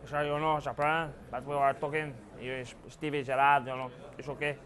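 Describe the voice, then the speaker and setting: A male impressionist playing a calm footballer, speaking in halting, repetitive phrases. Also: on the high side, close to an everyday voice. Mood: earnest.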